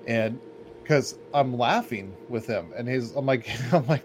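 With a mid-range, darkish voice and a measured pace, a man co-hosting a podcast spins rambling, relaxed stories sprinkled with "like." The casual chat sits over faint background noise.

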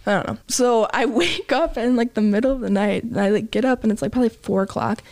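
A woman's voice: fairly high pitch, fast, darkish tone. Chatty young woman telling a story. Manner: chatty, lots of "like", acts out quotes. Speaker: podcast co-host. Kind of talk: casual storytelling chat.

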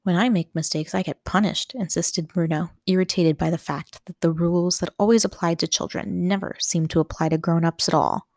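A woman reading a novel aloud as an audiobook narrator, calm and measured. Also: low voice, vocal fry, no echo, studio quality.

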